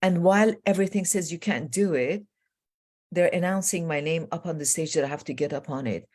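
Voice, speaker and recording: Low-voiced animated woman coach. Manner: animated, earnest storytelling with quick asides. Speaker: transformational coach. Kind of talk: interview guest telling stories.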